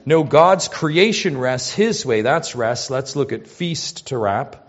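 A pastor preaching a sermon to his church, with emphatic rises and soft drops. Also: mid-range voice, animated, slow, highs cut off.

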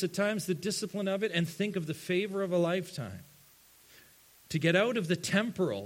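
A man preaching a sermon to his church, earnest, dropping to hushed tones and rising to emphatic ones. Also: mid-range voice. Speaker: pastor.

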